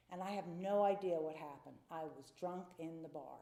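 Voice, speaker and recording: A middle-aged woman speaks from a podium in an echoey meeting hall, her voice dark and mellow and pitched a little low. She tells her story in a candid, confessional way, sometimes acting out voices. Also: normal speed, creaky, few pauses. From North Carolina. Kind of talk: personal recovery talk from a podium.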